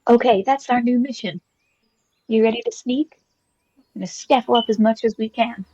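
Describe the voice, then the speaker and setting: An upbeat rabbitfolk paladin, as a British woman plays her in a tabletop game, eager and always hungry. Her voice is husky, higher than most, and comes through a muffled lo-fi mic. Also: moderate pace, mellow, close to an everyday voice.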